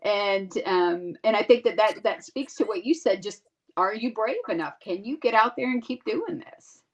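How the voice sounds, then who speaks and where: A woman's voice: mid-range voice, lively intonation, normal speed. Rambling woman co-host, dull lo-fi sound. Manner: warm rambling questions with many fillers. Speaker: podcast co-host. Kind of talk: casual podcast interview.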